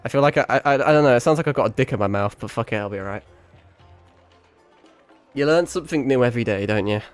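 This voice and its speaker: A man's voice: medium pitch, fast, clear, resonant tone, faint music behind. A British man with an accent that carries hints of American and South African, chatting on a game stream in a playful, rambling way, swearing freely and laughing often. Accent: British, with mixed American and South African hints. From Britain. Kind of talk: casual game stream chat.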